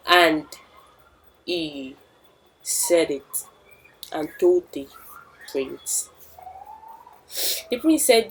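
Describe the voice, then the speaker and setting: A woman's voice: on the low side, animated, extremely slow, pauses often, slight background noise, poor audio. A young woman telling a village story with chatty asides to the listener. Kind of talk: oral storytelling.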